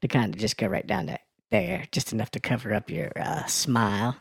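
A man voicing a brash, foul-mouthed woman who reads crude news and weather on a comedy radio show, ranting with a gravelly sass. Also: medium pitch, expressive, moderate pace, dry recording, studio quality, heavily acted. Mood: sassy. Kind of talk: comedy radio character bit.

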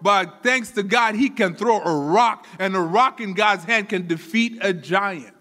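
A high, bright-voiced man preaches in a church, animated and often repeating words as he builds toward each point. His voice rings with long reverb from the hall around him. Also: a little slow. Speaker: pastor. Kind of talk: sermon.

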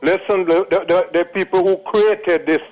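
A man's voice: sits high, fairly even intonation, moderate pace, a little mellow, poor audio. A man in his late sixties with a Jamaican accent, calling in to give an emphatic testimonial, repeating himself and slipping into patois. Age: late 60s. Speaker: caller. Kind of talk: phone-in testimonial.

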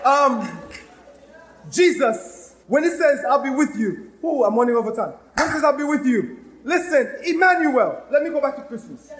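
A man with a Haitian accent preaching a fervent sermon as a pastor in a church, breaking into loud outbursts. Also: extremely high pitch, lively intonation, a little slow.

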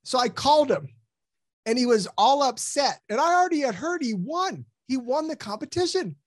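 A man's voice: very high voice, very animated, normal speed. A man speaking as a guest on a podcast interview, enthusiastic and preacherly as he tells stories and quotes scripture, laughing often. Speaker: health program guest.

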